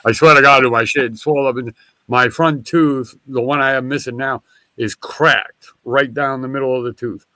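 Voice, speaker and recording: A man tells a wandering story in a casual chat, swearing freely and stopping to restart his sentences. His voice sits at a medium pitch, and the recording is dry and close to the mic. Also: moderate pace, no room sound. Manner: rambling, profane, animated storytelling; restarts and backtracks often.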